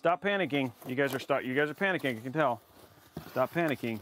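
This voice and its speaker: A man's voice: medium pitch, expressive, fast talker, a bit bright, a little hiss or hum. A man live-streaming a PC build, talking to his chat in a playful, rambling way and teasing them.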